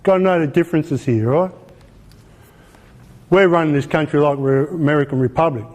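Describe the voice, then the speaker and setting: An Australian man gives an informal talk with a fairly high-pitched voice. He presses his points hard, repeats himself and fires off rhetorical questions. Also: moderate pace, a little mellow. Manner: emphatic, repeats phrases, asks rhetorical questions. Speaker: speaker. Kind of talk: informal presentation.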